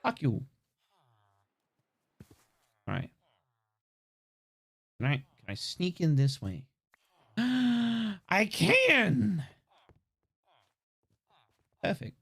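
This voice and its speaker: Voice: medium pitch, very animated, slow, vocal fry, long pauses, a little mellow. A livestreamer giving casual, joking gameplay commentary, swearing freely along the way.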